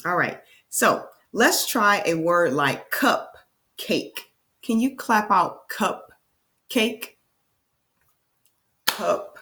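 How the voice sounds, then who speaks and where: A woman teacher giving a reading lesson to young children, with slow, enthusiastic, sing-song prompts. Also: lowish voice, fairly bright tone.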